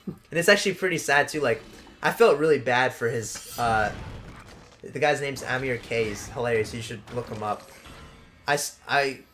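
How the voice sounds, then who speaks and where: A man's voice: medium pitch, moderate pace, fairly bright tone, soft background music. A young man hosting a let's play, telling rambling stories full of fillers while he plays. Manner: rambling, filler-heavy storytelling. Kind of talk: casual gaming chat. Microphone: close desk mic.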